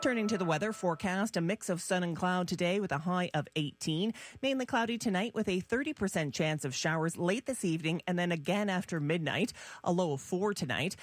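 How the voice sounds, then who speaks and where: A woman reading the local radio news and weather in a steady, measured way. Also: on the low side, no room sound. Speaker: radio newsreader. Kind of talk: scripted news and weather read. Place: radio newsroom.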